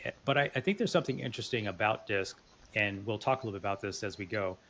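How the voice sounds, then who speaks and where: A man's voice: on the low side, quick pace, a bit bright, slight background noise. A man hosting a podcast interview, chatting earnestly and restarting his words often. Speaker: podcast host. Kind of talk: casual interview chat.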